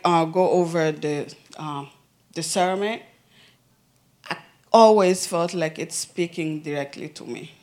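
Slow-speaking woman giving a church testimony. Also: on the low side. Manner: earnest, halting, with soft laughs.

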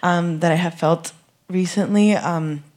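A woman's voice: on the low side, fairly even intonation, measured pace, a little mellow. Young woman, twenties, nervous earnest testimony, lots of fillers. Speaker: youth director. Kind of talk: testimony in church.

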